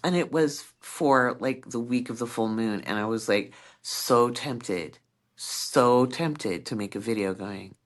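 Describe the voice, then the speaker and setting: A middle-aged woman co-hosting a podcast, chatting casually and rambling through stories in an animated way. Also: extremely low pitch, a little slow. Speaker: podcast co-host.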